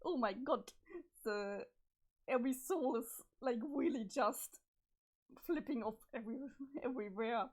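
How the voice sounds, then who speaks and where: A woman reads a webcomic aloud on a livestream, chatting and reacting as she goes. She laughs often and swears casually. Her voice is high. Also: measured pace, darkish tone. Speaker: streamer reading a webcomic aloud. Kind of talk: casual livestream reading and commentary.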